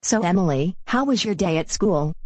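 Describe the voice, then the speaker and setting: A woman voicing a patient, gentle mother in a homemade cartoon. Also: lowish voice, lively intonation, moderate pace, no room sound, low-quality recording. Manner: gentle, soothing. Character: patient, reassuring mother of a schoolgirl. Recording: rain noise in the background. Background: rain.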